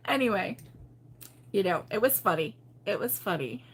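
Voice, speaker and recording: A woman's voice: medium pitch, slightly rough. A middle-aged woman hosting a crochet channel, telling a story in casual live chat with viewers and laughing often.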